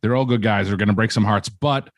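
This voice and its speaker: A man with a lowish voice chats as a podcast guest on a video call. He jokes and restarts his sentences often. The sound is dry and close. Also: fast, no room sound. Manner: joking, hesitant, many restarts. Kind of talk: casual chat.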